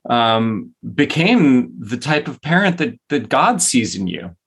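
A man's voice: medium pitch, big pitch swings, slow pace, fairly bright tone, husky. A man co-hosting a podcast, speaking casually in a rambling way with many restarts. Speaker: podcast co-host.

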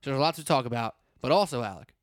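A man's voice: mid-range voice, expressive, rapid-fire, no echo, clean studio sound. A man hosting a casual sports podcast, joking and rambling with frequent restarts. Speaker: podcast host. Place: indoors at a table with a co-host.

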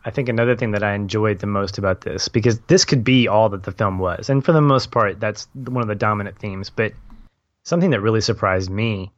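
A man's voice: lowish voice, fairly quick, dry recording. A young adult man in a casual film discussion, thoughtful and rambling, laughing easily. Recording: dull lo-fi audio.

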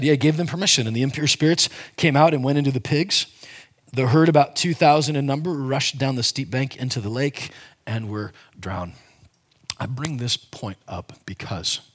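A man delivers a sermon in a relaxed, conversational way, leaning hard on key words and often restarting mid-sentence. His voice sits at an ordinary middle pitch with a slightly husky, breathy edge. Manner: conversational, emphatic preaching with frequent restarts. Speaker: pastor.

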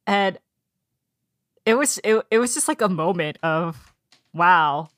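A woman with a lowish voice chats about a book she loved. She retells scenes in a lively way, slipping into the characters' lines with plenty of fillers. The sound is close and dry, with no room around it. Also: unhurried, long pauses, dry recording. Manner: animated storytelling, acts out characters' lines. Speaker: book discussion co-host. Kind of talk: casual chat.

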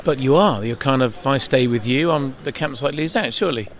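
A man's voice: mid-range voice, fairly quick. A man interviewing guests outdoors, friendly and chatty, often ending his questions with tag questions.

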